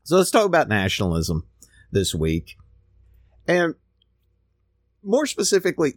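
Low-voiced man, rambling podcast talk. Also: dry recording, clean studio sound. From United States. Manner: rambling, with many restarts and repeated words. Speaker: podcast host. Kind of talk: casual spoken monologue.

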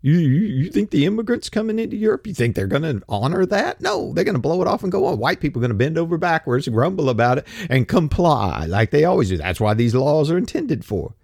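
Ranting man, lively pitch. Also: fast, creaky, few pauses, no echo, clean studio sound. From United States. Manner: blunt, ranting, profane, with rambling asides. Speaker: commentator. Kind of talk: solo opinion monologue.

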